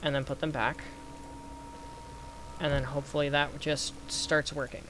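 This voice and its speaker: A young man giving casual gameplay commentary, thinking aloud through numbers and getting excited when things work. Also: on the high side, normal speed. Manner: excited bursts. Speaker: gaming youtuber. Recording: faint background noise.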